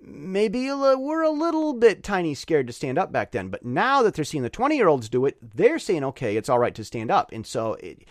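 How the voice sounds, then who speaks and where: Animated, rambling male vlogger. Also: fairly high pitch, no echo, clean studio sound. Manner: rambling with frequent restarts and repetitions; opinionated, animated. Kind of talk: casual spoken commentary.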